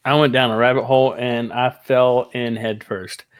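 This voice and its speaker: A man hosting a casual fan podcast, talking in an excitable, rambling way and laughing easily. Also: mid-range voice, normal speed, smooth. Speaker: podcast host.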